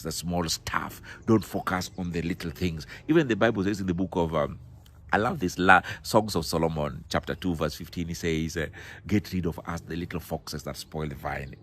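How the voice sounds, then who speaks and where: A middle-aged man giving motivational marriage advice, emphatic and repeating his key words. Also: deep voice. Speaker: business and personal growth speaker.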